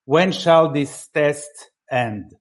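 Man asking measured interview questions. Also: on the high side.

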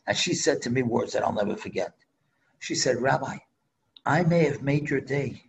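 A man's voice: mid-range voice, expressive, normal speed, vocal fry, low-quality recording. An older man, a rabbi, preaching earnestly and telling a story, with Hebrew phrases woven in. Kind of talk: sermon with storytelling.

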